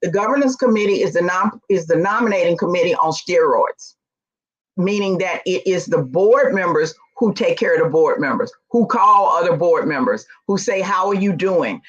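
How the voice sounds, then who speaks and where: Woman giving a conference talk, lively storyteller, leans hard on her points, kinda muffled lo-fi sound. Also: lowish voice, normal speed. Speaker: conference speaker on nonprofit boards. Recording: dull lo-fi recording.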